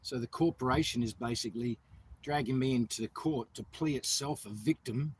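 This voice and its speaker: An Australian man chatting on a casual livestream, blunt, sarcastic and quick to swear. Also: mid-range voice, slight background noise, poor audio.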